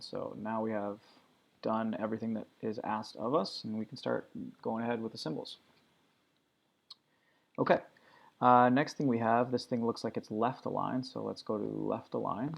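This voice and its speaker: A man teaching, talking through a screen-recorded software tutorial in a relaxed, step-by-step way. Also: fairly low pitch, normal speed, vocal fry. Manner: relaxed step-by-step walkthrough talk.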